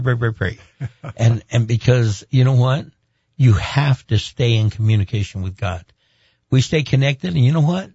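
A man's voice: medium pitch, gravelly, a little mellow, breathy edge, dry recording, lo-fi sound. A man who is a pastor gives an emphatic, preacher-like testimony in an interview, repeating words for weight.

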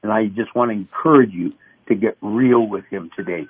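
Husky pastor on a phone line. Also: male voice, on the low side, moderate pace, no room sound. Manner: animated, acts out voices and cries. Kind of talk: radio interview, preaching.

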